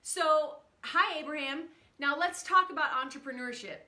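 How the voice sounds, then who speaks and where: Hosting a relaxed livestream from home, a thirtysomething woman breaks off now and then to say hello to viewers by name. She talks at a normal speed in a high, bright, forward voice, and her manner is open and full of feeling.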